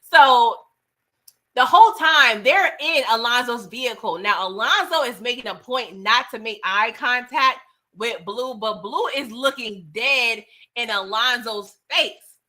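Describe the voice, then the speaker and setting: A woman casually breaking down a movie for her vlog, chatty and animated, often laughing and dropping slangy asides. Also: fairly high pitch, a little slow. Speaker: movie reviewer.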